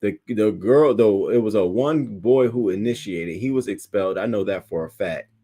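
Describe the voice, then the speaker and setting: Animated male livestream host. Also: fairly low pitch, normal speed. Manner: animated, laughing storyteller who greets viewers by name. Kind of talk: casual live-stream chat.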